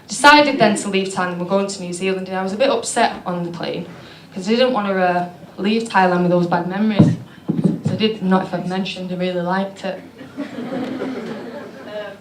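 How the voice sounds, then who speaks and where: A woman doing stand-up, telling stories in a deadpan, self-mocking way. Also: medium pitch, normal speed. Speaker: stand-up comedian. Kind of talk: stand-up comedy. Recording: echoey venue with clear background noise.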